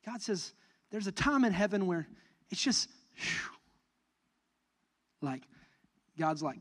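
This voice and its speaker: A young adult man preaching a sermon as pastor, animated and building to emphatic, near-shouted peaks. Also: high voice, slow, pauses often.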